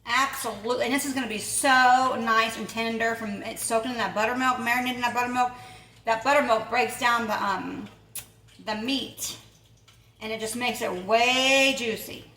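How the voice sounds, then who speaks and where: Woman, higher voice, chatty home cooking vlog, roomy sound, a bit off-mic. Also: fairly even intonation, normal speed, bright, forceful tone, far from the mic. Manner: chatty and rambling, laughs often. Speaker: home cook and channel host. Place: home kitchen. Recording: echoey room, voice off-mic, faint noise.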